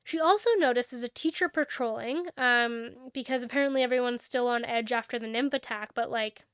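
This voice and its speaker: A young adult woman co-hosting a book podcast, retelling a novel's plot in casual chat and acting out the characters' lines in quick quotes. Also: fairly high pitch, clear, resonant tone, no room sound, studio quality. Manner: animated storyteller, acts out dialogue with quick quotes.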